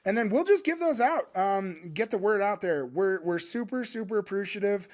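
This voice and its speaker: A man co-hosting a podcast in casual chat, loud and joking, with a lot of swearing. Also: sits high, expressive, normal speed. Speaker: podcast co-host. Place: home podcast studio.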